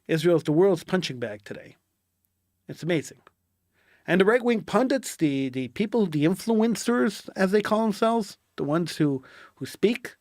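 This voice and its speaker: A man's voice: a little high, no echo, clean studio sound. A man giving an impassioned solo political commentary, indignant and sarcastic, repeating phrases for emphasis.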